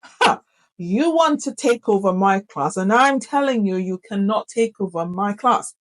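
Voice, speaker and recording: A middle-aged woman teacher talks to camera about keeping order in a classroom, her voice sitting at an ordinary middle pitch. She is animated and emphatic, leaning hard on key words and repeating short phrases to drive each point home. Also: moderate pace, poor audio. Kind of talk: instructional talk to camera.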